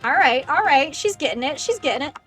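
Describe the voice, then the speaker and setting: A young woman streams a game and chatters excitedly, often poking fun at herself. Her voice is high and lively, with big swings in pitch. She is close to the mic, and faint game music plays behind her. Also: fairly quick. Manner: excitable, self-deprecating chatter. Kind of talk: casual gaming livestream chat. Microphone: close desk microphone.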